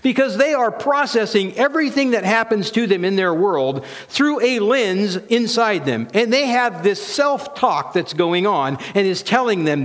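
A man's voice: sits high, expressive, measured pace, few pauses, fairly bright tone, long reverb tail. A male pastor preaching a sermon in a church, earnest and emphatic.

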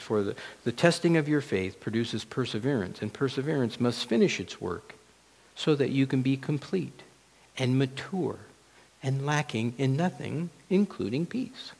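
A pastor voicing God in a sermon, speaking low, hushed and reassuring. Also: male voice, creaky, big-room sound.

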